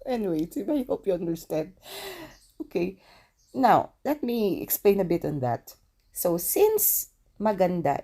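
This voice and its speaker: Filipino accent woman teaching words, slow and low, bit of vocal fry. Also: warm tone. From Philippines. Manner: slow, repeats words for practice. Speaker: language teacher. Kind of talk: casual language lesson.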